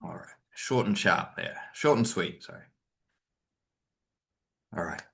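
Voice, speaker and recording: A man's voice: low-pitched, expressive, slow, creaky, a bit bright. A man giving a chatty webinar talk as a teacher trainer, with many fillers and asides, sometimes acting out example sentences. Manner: acts out stressed example sentences.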